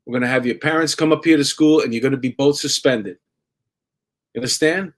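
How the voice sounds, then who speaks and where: A man's voice: medium pitch, close to an everyday voice. A man doing a stern school principal. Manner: slow, stern and warning. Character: stern middle-aged male school principal.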